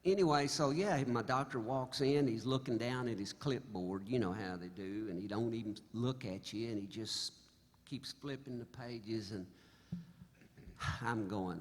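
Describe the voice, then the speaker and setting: A man's voice: fairly low pitch, moderate pace. A man, a singer-songwriter telling a folksy, self-deprecating story between songs at a live show. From Oklahoma. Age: 70s. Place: concert hall. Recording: live hall reverb, faint music.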